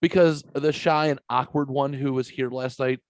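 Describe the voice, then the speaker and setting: A man's voice: medium pitch, fairly even intonation, moderate pace, dry recording. Profane rambling male podcast host. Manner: profane, rambling anecdotes, mimics others' voices. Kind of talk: casual podcast chat, storytelling.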